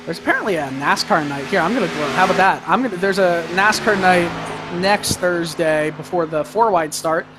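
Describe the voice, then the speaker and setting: A man's voice: high voice, moderate pace, background noise. A man giving color commentary on an online race, chatty and rambling, often laughing. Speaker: sim racing color commentator.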